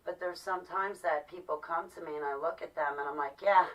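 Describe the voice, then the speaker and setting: A woman's voice: sits low, steady tone, a little fast, fairly bright tone. A woman talking to camera in a personal monologue, impassioned and emphatic. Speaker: vlogger. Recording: distant mic, dull lo-fi sound.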